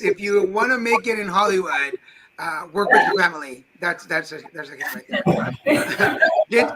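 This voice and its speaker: A man's voice: high voice, noisy background. A man hosting a casual interview with a theatre cast, chatty and joking, with plenty of fillers. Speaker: interview host.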